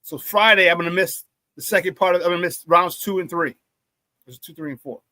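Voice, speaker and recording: A high-pitched, brisk Chicago-area man hosts a casual sports talk radio show, heard with no echo. Animated and laughing often, he reads the live chat out loud and keeps repeating himself.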